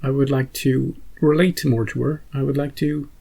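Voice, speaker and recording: A man's voice: mid-range voice, little pitch movement, moderate pace, gravelly, dark tone, low-quality recording. A man hosting a reaction channel, chatting casually and rambling through an episode recap with many restarts. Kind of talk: casual post-episode chat.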